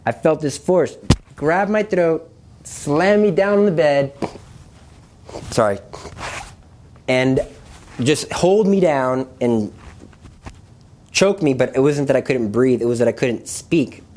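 A young man earnestly recounting a personal religious testimony, confessional and animated, often restarting his sentences. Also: slow pace, long pauses, a little hiss or hum. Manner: earnest, confessional, with many restarts and pitch jumps. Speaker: speaker sharing his testimony.

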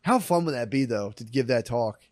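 A young man riffing in a casual comedy chat, excitable, laughing a lot and swearing casually. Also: mid-range voice, moderate pace, no echo, clean studio sound.

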